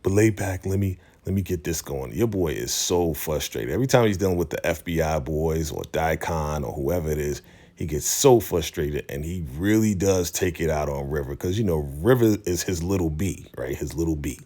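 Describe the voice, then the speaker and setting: A man hosting his channel, giving a casual, animated, slangy recap of a TV episode. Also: rumbling low, moderate pace. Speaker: channel host.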